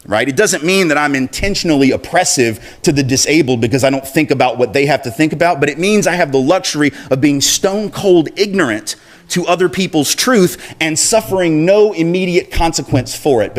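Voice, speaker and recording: A man's voice: on the high side, moderate pace. A man giving a public speech as an activist, telling a personal story in a conversational, self-deprecating way and chuckling as he acts out the voices in it. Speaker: activist speaker.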